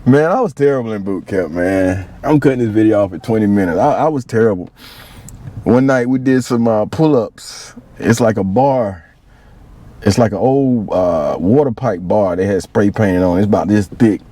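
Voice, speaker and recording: A man's voice: fairly low pitch, normal speed, mellow. A man in his forties, a Marine veteran, telling stories casually, laughing often and using slang. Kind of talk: casual storytelling.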